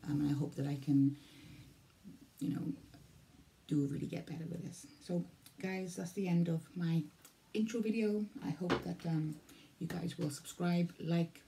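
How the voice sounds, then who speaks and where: Welsh woman vlogger, 40s, dark gravelly voice, rambles and repeats herself. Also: sits low, slight background noise. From Wales. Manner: rambling, repeats herself, loses her thread. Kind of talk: casual vlog talk to camera.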